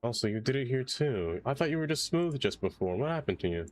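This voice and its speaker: A man's voice: medium pitch, big pitch swings, fairly quick, soft background music. A man streaming a city-building game, chatting casually and joking to himself as he plays. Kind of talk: casual gameplay commentary.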